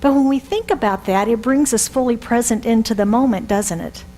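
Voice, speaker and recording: Woman, sixties, minister, sermon, questions the congregation, slightly high voice, faint hum. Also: brisk, dark tone, low-quality recording. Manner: conversational, asks the congregation rhetorical questions. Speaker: reverend.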